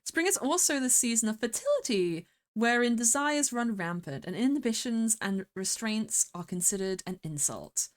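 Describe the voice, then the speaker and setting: A woman's voice: a little high, expressive, moderate pace, hardly any pauses, voice pushed up, natural voice. A woman reading as a flirty fae wife. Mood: solemn. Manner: teasing, affectionate, calls the listener darling. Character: flirtatious female fae wife, seasonal spirit. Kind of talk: reading game dialogue aloud.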